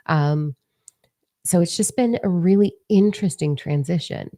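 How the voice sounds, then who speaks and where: A woman in her forties, a spiritual teacher talking casually and candidly to her followers, swearing freely and breaking into animated asides. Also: sits low, normal speed, vocal fry, dry recording, studio quality. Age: 40s.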